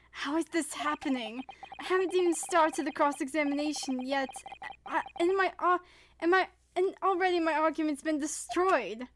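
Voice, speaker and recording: A woman's voice: high voice, moderate pace, a bit bright. A woman streamer reading a courtroom game aloud and chatting with playful, giggly asides. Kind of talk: game playthrough commentary and dialogue reading.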